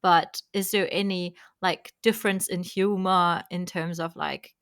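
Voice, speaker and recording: A woman's voice: fairly low pitch, steady tone, a little slow, a bit bright, no room sound, studio quality. A woman hosting an interview, asking loose questions full of fillers. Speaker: interviewer host. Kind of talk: casual interview chat.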